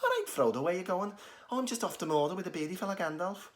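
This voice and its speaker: A man's voice: expressive, fast talker. A man voicing a chirpy young hobbit with a Liverpool accent. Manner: chirpy, high, cheeky.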